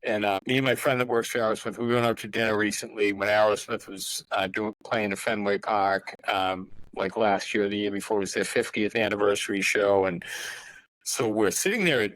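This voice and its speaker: A man's voice: on the low side, steady tone, a little fast, fairly bright tone, no room sound, low-quality recording. A man in his sixties, a guest musician in a casual podcast interview, telling rambling anecdotes full of asides.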